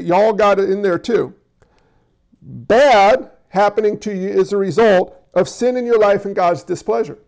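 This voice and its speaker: Man, sermon, high voice, conversational, talks straight to the congregation, stumbles and restarts. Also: darkish tone. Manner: conversational preaching, addresses the congregation directly; frequent stammered restarts. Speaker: pastor.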